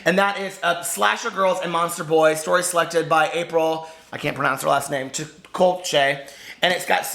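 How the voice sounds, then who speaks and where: A man chatting to camera as a book vlogger, gushing and full of fillers, hoarse from losing his voice. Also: fairly high pitch, sharp tone. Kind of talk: casual chat to camera.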